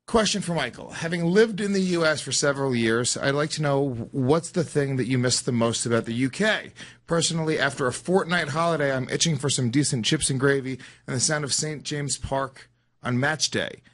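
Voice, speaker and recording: A man's voice: mid-range voice, moderate pace, a bit bright. A man co-hosting a podcast in casual chat, hesitant and joking. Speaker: podcast co-host.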